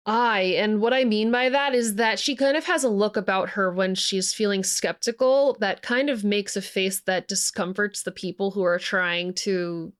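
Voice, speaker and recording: A woman's voice: fairly high pitch, a bit bright, clear, resonant tone. A woman playing in a tabletop role-playing game, describing her character in a thoughtful way. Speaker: player. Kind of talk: tabletop role-play chat.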